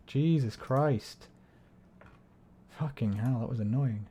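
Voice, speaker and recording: A man's voice: medium pitch, lively intonation, moderate pace, warm tone. Man streaming and explaining music. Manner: explains music theory and hums and sings melodies; swears a lot when frustrated. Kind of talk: casual livestream chat while gaming.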